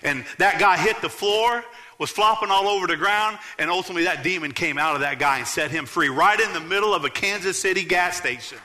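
A man, preaching a sermon as pastor in a church, earnestly emphatic and dropping low to tell stories. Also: a little fast, pushed and bright. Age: 40s.

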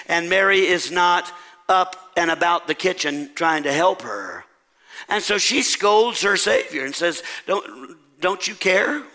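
A male pastor preaching an animated, dramatic sermon and quizzing his congregation. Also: high-pitched.

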